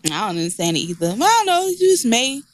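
A woman's voice: high voice, sing-song, quick pace, dry recording. A woman co-hosting a casual podcast, teasing and cursing freely and laughing often. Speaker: podcast co-host.

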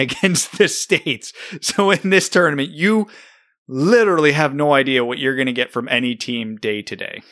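Guy co-hosting a hockey podcast, lively storytelling, mid pitch. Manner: animated, storytelling. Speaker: podcast co-host. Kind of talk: casual chat.

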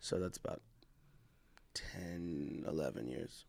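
A man, a guest comedian chatting on a podcast in a joking, animated way. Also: takes it slowly, vocal fry. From New York, Jamaica, Queens. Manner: joking, animated, jumps into high silly voices. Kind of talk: casual podcast chat.

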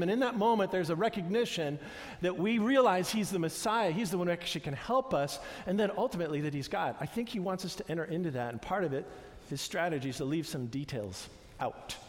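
A man gives a sermon in a loose, chatty way, stopping to restart his sentences and throwing himself into the voices of the people he retells. His voice sits a little high for a man. A long reverb trails after his words, as if the room were a large hall. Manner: conversational, animated retellings with many fillers and restarts. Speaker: pastor.

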